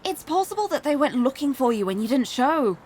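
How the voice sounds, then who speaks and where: A woman's voice: sits high, very animated, fairly quick, darkish tone, slight background noise. A British woman voicing a kind young man who talks encouragingly. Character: kind young man trying to cheer a friend.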